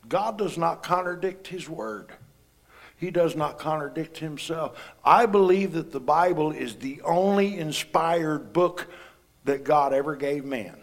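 A man's voice: a little high, unhurried. Plain-spoken male preacher. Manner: conversational preaching, asks the congregation questions; plain-spoken, folksy asides. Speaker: pastor. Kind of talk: sermon.

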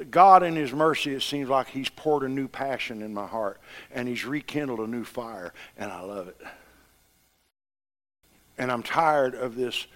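Folksy, impassioned middle-aged preacher. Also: male voice, mid-range voice, a bit bright. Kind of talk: sermon.

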